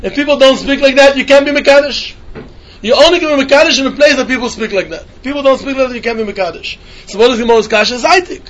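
A man teaches a Talmud lesson in yeshiva style. His voice sits very high and he talks at a rapid clip. He slips into a sing-song study chant as he explains the text. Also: fairly bright tone, lo-fi sound, slight background noise. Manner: quick sing-song study chant, mixing English with Hebrew and Yiddish.

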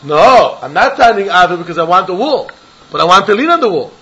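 A man giving an animated Talmud lecture, acting out both sides of a dispute in the first person. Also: high-pitched, fairly quick, lo-fi sound. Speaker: Talmud teacher.

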